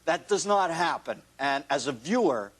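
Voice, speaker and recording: Man, talk show guest, higher voice, wisecracking, fast delivery. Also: expressive, slightly rough. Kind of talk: late-night talk show chat. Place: television studio.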